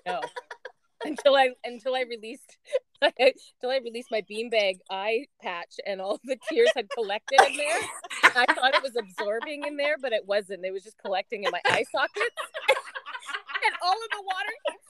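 Playful high-voiced woman co-host. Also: big pitch swings, moderate pace, very noisy. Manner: playful, jokey, acts out her own inner voice. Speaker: podcast co-host. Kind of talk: casual podcast chat.

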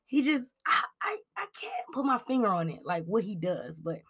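A woman's voice: mid-range voice, normal speed, breathy edge. A woman from Cleveland hosting a celebrity gossip podcast, chatty and casual, filling her talk with "like" and "um". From Cleveland, Ohio. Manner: chatty, lots of "like" and "um", animated asides.

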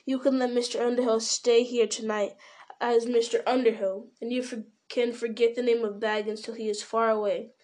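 Woman reader voicing a quiet, weathered male wanderer, measured and grave, storybook tone. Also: flat delivery, natural voice. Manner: low, measured, blunt. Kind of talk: storybook reading.

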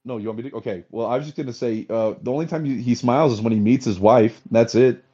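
A man's voice: mid-range voice, fast, breathy edge, dull audio. A man co-hosting a podcast from a remote mic, reacting easily to his partner's stories. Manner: relaxed, reactive conversational partner. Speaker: podcast co-host and editor. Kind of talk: casual chat.

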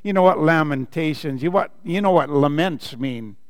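A man, a pastor, reading a children's story aloud during a sermon, animated and playful with laughing asides. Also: fairly high pitch, normal speed, smooth, in a large hall.

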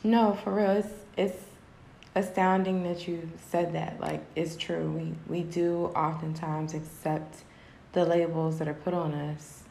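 A woman's voice: low voice, level tone, unhurried, creaky, warm tone. A woman hosting a podcast interview, answering in a thoughtful, affirming way. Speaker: podcast host. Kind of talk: casual interview talk. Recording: echoey room with faint noise.

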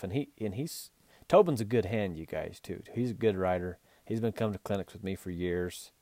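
This Utah podcast host, who trains horses and mules, has a fairly low voice with a darkish tone. His talk coaching riders is earnest and full of restarts, recorded dry.

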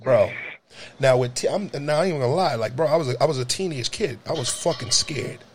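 A young adult man telling a story in casual talk, animated and profane, jumping to high shouts. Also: quick pace, slight background noise. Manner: animated, profane, jumps to high shouts when acting out scenes.

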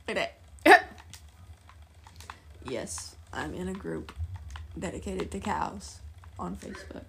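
A woman co-hosting a casual podcast chat at home by a computer, playful and teasing with deadpan jabs. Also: lowish voice, takes it slowly, long pauses. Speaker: podcast co-host. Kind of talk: casual chat while gaming.

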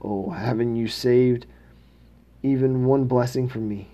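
Desperate grown son begging his father, read by a man, mellow and plain. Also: mid-range voice, fairly even intonation, measured pace, close to an everyday voice. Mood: pleading. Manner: plain read-aloud delivery.

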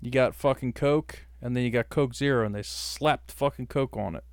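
A man's voice: mid-range voice, moderate pace, no room sound, clean studio sound. A man co-hosting a podcast, talking in crude, teasing banter with lots of swearing. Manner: profane, teasing, jumps into a breathy put-on voice. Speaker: podcast co-host. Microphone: studio mic on a stand.

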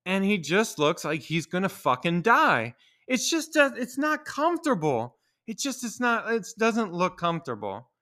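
A man's voice: high-pitched, huge pitch swings, a little slow, bright, forceful tone. A young man hosting a solo podcast, ranting with opinions, swearing a lot and laughing as he talks. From Maryland. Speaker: podcast host.

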